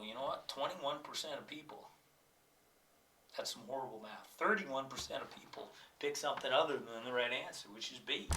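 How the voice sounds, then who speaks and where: A man's voice: mid-range voice, bright, forceful tone, echoey room, distant mic, slight background noise. A man with a cold, a teacher thinking aloud as he works through exam questions and reads passages aloud. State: has a cold.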